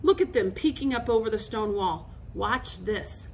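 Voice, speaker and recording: A woman's voice: animated, moderate pace, slight background noise, natural voice. A woman voicing a gleeful young boy prankster who screeches and hops about in a storybook reading. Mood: teasing. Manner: screeching, shrill, hopping about.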